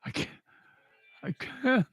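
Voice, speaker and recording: An older man talking through tears in a halting, repetitive way, angry and grieving. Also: a bit bright, dry recording. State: tearful. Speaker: vlogger. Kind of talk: emotional personal monologue.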